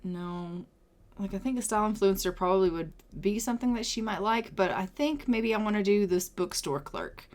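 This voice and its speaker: A young woman casually narrating a life-sim game, chatty and gushing, thinking out loud as she plays. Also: mid-range voice, normal speed. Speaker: gaming video creator. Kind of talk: casual let's-play commentary.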